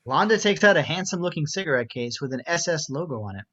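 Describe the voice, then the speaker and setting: A man reads the stage directions aloud, slipping in dry, wry commentary as he goes. His voice sits a little higher than most men's, and the recording sounds dull and lo-fi. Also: animated, fast, fairly bright tone. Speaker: narrator.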